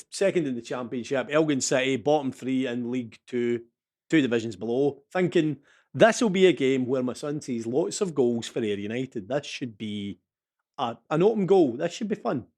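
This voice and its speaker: A man's voice: medium pitch, animated, moderate pace, a little mellow. A Scottish man in his thirties, a podcast co-host in casual chat, telling a story with animation and swearing freely.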